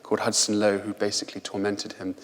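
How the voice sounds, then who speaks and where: A man giving a public lecture, telling travel stories in a lively, anecdotal way and often repeating words as he goes. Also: on the low side, quick pace. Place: large lecture hall. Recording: long hall reverb in lecture theatre.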